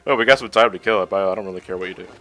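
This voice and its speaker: A man's voice: lowish voice, sharp tone, soft background music. A man playing a video game on a livestream, swearing and joking in casual commentary. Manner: laughing, swearing, quick retorts. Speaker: gamer playing on stream.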